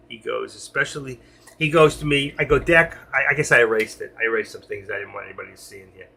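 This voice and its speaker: A man's voice: mid-range voice, brisk, gravelly, sharp tone. A middle-aged man on a live stream, talking to his chat in an emotional, rambling way and answering viewers by name.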